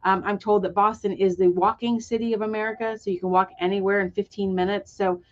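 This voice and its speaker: A woman speaking with enthusiasm as a guest on a webinar. She rambles a little and fills gaps with ums. Her voice sits at a middling pitch and comes through a dull, lo-fi call line. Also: steady tone, fast talker. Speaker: guest, retreat organizer. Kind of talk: webinar conversation.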